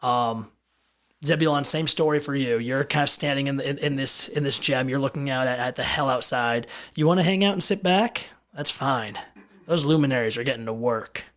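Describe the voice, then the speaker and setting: A man's voice: mid-range voice, normal speed, a bit bright. A man narrating as game master of a tabletop game, rambling and repeating words as he thinks.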